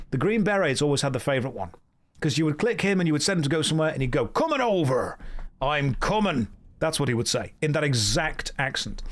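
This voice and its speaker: A man in his thirties chatting casually and joking with his chat while streaming a game. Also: mid-range voice. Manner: joking, self-mocking storyteller reacting to chat.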